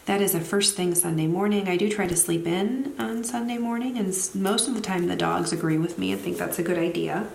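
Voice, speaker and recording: A woman with a slightly low voice chats her way through planning her week, thinking aloud and poking fun at her own habits. Her voice rings in a roomy space, with a faint hiss behind it. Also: fairly quick, vocal fry, few pauses, a little mellow. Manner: chatty, thinks aloud, self-deprecating asides. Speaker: planner vlogger; teacher. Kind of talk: casual plan-with-me narration while decorating.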